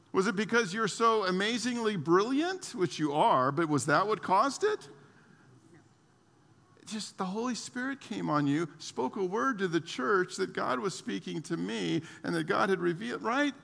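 A man preaching a sermon to his church, animated, laughing often and repeating his words. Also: high-pitched, vocal fry, in a large hall. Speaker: pastor.

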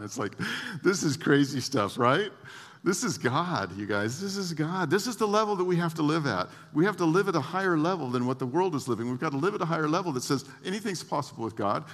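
A man preaching a lively sermon to his congregation, with laughs and asides. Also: medium pitch, in a large hall. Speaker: pastor.

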